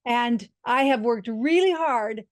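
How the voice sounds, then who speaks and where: A woman's voice: a little high, animated, slow, no room sound, clean studio sound. A woman hosting an interview, asking her guest questions in an appreciative way. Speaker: podcast host. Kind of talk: interview conversation.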